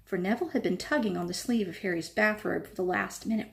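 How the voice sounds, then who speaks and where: A woman reading a novel aloud with lively storytelling. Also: medium pitch, normal speed. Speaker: reader.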